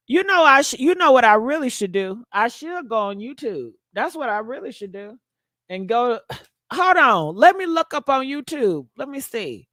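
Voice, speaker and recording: A woman hosting a gossip channel, giving blunt, animated casual commentary straight to her viewers. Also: on the high side, dry recording.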